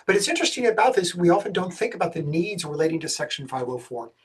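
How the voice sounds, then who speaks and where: A man from the States, giving a webinar presentation on special education law in a fast, energetic way with jokey asides. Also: sits high, husky. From Southern United States.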